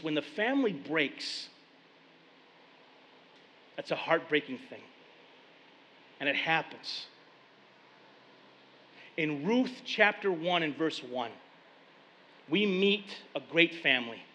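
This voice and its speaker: A male pastor preaching a sermon, retelling scripture stories in lively casual speech. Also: on the high side. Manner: animated storytelling, paraphrasing scripture in casual speech. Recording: long reverb of a large hall.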